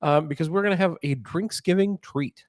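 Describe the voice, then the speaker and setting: A man's voice: fairly high pitch, moderate pace, dry recording, studio quality. A man co-hosting a spirits tasting podcast, talking in a playful, rambling way. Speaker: podcast co-host. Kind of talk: casual chat.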